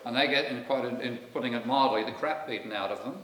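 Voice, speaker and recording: A man's voice: medium pitch, quick pace, fairly bright tone, slight background noise. Older man, Australian accent, public lecture, wry asides, roomy echo, distant mic. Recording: echoey hall, mic at a distance.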